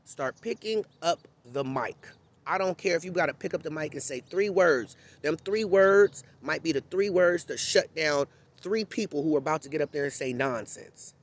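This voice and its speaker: Blunt, impassioned man talking to camera. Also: fairly high pitch. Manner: candid, impassioned, conversational. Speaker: vlogger. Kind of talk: unscripted blunt monologue to camera.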